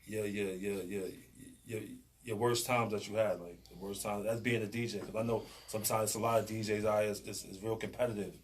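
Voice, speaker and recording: A man's voice: fairly low pitch, steady tone, brisk, hardly any pauses, a little hiss or hum. A man hosting a casual interview, stammering and repeating words as he asks questions and backs the guest with "right, right". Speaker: interviewer, show host.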